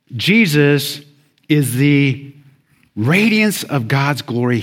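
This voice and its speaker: Male pastor mid-sermon, husky, lively pitch, moves from loud to hushed. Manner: animated preaching, swinging from loud to hushed.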